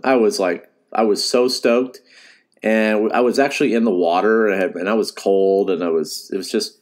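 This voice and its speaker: Middle-aged fishing guide, low voice, loose emotional storyteller who trails off and restarts. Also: male voice, fairly even intonation, moderate pace. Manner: emotional, rambling, with laughs and restarts. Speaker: fishing guide and podcast host. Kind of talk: casual storytelling.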